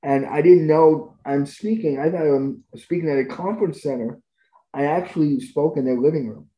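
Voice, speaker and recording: A man's voice: a little high, normal speed, warm tone. A man telling stories as a podcast guest in a conversational, enthusiastic way. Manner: enthusiastic, gushing about experiences. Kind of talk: conversational storytelling. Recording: roomy echo.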